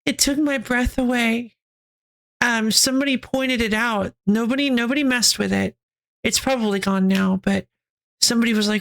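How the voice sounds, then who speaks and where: A woman's voice: fairly high pitch, normal speed. Bubbly woman streamer telling a story. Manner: animated storytelling, many restarts and giggles; reads chat aloud. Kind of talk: casual chat.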